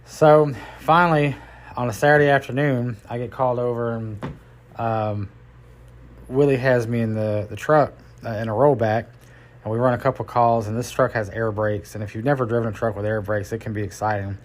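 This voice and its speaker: Man, middle-aged, podcast host, folksy rambling storyteller, average-pitched voice. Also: fairly even intonation, normal speed. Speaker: podcast host and tow truck driver. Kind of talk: casual storytelling.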